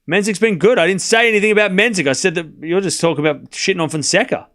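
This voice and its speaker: A man's voice: mid-range voice, lively intonation, fairly quick, fairly bright tone. A man hosting a live tennis watchalong stream. He calls the score between points and argues sarcastically with his chat. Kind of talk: live commentary and casual chat with viewers.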